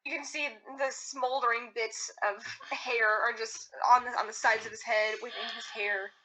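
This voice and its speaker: A woman's voice: on the high side, fairly even intonation, moderate pace, sharp tone, a little hiss or hum, low-quality recording. A woman narrating a tabletop game as game master, repeating words as she describes scenes.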